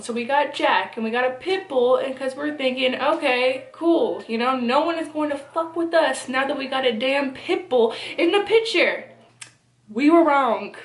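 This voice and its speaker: A young woman casually telling a personal story to her camera, animated and swearing freely, with lots of fillers. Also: high voice, roomy sound. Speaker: vlogger. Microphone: camera on a phone or small camera.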